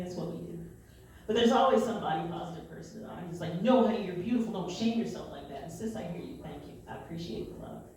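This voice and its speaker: A woman's voice: medium pitch, far from the mic. Brash woman comic in an echoey theatre. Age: 40s. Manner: brash, lively, laughs at her own jokes. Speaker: stand-up comic. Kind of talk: stand-up comedy set. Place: theatre stage. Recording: echoey hall recorded from afar, audience sounds.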